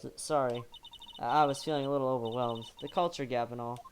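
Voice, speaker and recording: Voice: fairly even intonation, fast, noisy background, close to an everyday voice. A voice actor playing a perky, curious young woman sidekick in a fan voice-over of a game. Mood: timid. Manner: bright, chirpy, raised pitch.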